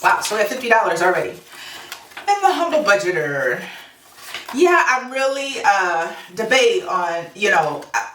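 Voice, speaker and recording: A woman's voice: mid-range voice, big pitch swings, unhurried, a bit bright, distant mic. A woman vlogger telling a story in a chatty way while she counts cash aloud, laughing often. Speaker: budgeting vlogger. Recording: echoey room, voice off-mic, faint noise.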